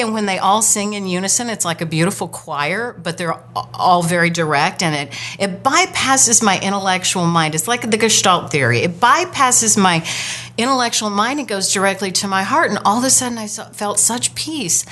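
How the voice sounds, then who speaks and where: Animated woman telling a spiritual story. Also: on the low side, moderate pace. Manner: animated storyteller, acts out quoted voices. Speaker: guest co-host. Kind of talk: casual spiritual chat.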